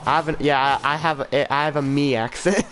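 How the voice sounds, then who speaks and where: A man's voice: on the high side, fairly even intonation, a little fast, noisy background. A teenage boy chatting casually on a game stream, rambling and self-deprecating, often trailing off and restarting. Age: teens. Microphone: desk mic for streaming.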